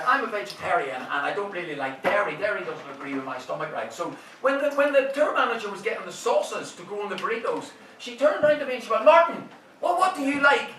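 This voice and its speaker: A man's voice: high voice, bright, forceful tone, slight background noise. A man in his fifties with an Irish accent doing a stand-up set, swearing freely and teasing the audience. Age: 50s. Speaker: stand-up comedian. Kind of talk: stand-up set with crowd work. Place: comedy club stage. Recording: roomy club sound from a distant mic. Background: audience laughter.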